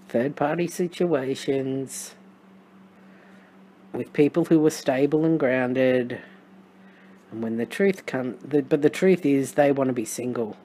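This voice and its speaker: With a mellow, mid-range voice over a little hiss or hum, an Australian-accented tarot reader works through a reading. The tone is casual and reflective, punctuated by dry sarcasm, with plenty of fillers and restarts as the reader thinks aloud.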